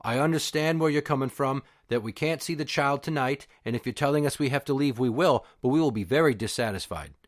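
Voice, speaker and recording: A man putting on a smug, calm middle-aged father who speaks in a condescending way. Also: medium pitch, fairly quick, hardly any pauses, pitched below the performer's own voice, close to an everyday voice.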